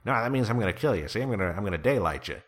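A man putting on the voice of a tough, fast-talking 1940s movie gangster, clipped and menacing. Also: lowish voice, animated, close to an everyday voice. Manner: clipped, menacing, rapid-fire.

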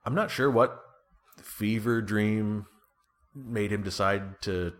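Low-voiced rambling man in his thirties. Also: steady tone, slow. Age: 30s. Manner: rambling, self-deprecating, jokey. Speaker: podcast co-host. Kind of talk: casual chat.

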